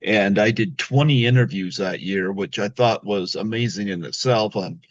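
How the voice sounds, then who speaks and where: Easygoing low-voiced male podcast host. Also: normal speed, no echo. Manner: easygoing, many fillers like "you know" and "um". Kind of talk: casual interview chat. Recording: dull, dry lo-fi sound.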